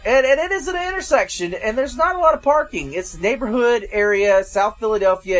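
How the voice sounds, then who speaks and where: A man's voice: sits high, fairly bright tone. A man from Georgia, hosting a casual food review and chatting to viewers as folks and guys. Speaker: food reviewer, show host.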